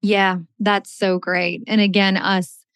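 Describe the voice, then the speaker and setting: A middle-aged woman hosts a podcast interview, talking fast and warmly encouraging her guest. Her mid-range voice is recorded close and dry. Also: mid-range voice, level tone, smooth, no echo. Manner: quick, enthusiastic, affirming. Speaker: podcast host. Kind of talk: conversational interview.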